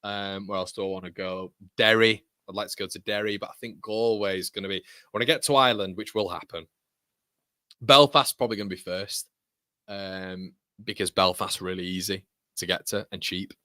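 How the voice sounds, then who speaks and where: Young male streamer, bright tone, dry close sound, chatty fan banter. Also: low-pitched, fairly even intonation, moderate pace, dry recording. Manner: chatty, rambling, laughs often, banter with viewers. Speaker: football watchalong host. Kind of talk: casual live-stream chat reading comments.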